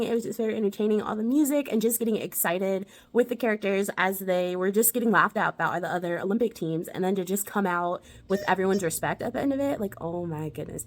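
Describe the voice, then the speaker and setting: A cheerful young woman talks straight to camera about a favorite film from her childhood. She is bubbly and enthusiastic and laughs easily. Her voice sits at a middling pitch. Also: fast talker, hardly any pauses. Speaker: movie review host. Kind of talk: casual movie review vlog.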